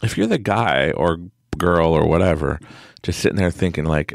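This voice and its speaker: A man talks through a casual podcast monologue in a very low, gravelly voice that rises and falls a lot. He rambles with plenty of fillers and acts out mocking quotes of other people. The sound is dry and close. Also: expressive, normal speed, no echo. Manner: rambling storytelling with many fillers and mock quotes. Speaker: podcast host.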